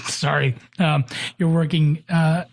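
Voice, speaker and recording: A man hosting a podcast, easygoing and chatty, quick to agree with his guest. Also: a little high, fairly even intonation, gravelly. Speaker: podcast host. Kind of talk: casual podcast chat.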